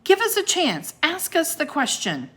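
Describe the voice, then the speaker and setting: A woman voicing a brave young girl who shouts back loudly and urgently. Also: huge pitch swings, unhurried, full character voice. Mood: urgent, bold. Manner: high, loud, urgent shouting.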